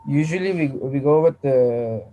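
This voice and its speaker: A man's voice: mid-range voice, unhurried, dark tone, lo-fi sound. A young man with an Indian English accent, politely asking his teacher a question with hesitant fillers. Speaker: student.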